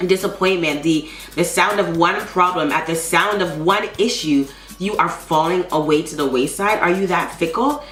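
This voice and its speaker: A woman with a lowish voice vlogs to her channel, telling the story of her day with lively animation, sarcastic asides, and a pep talk to herself. The recording has a roomy echo and faint background music.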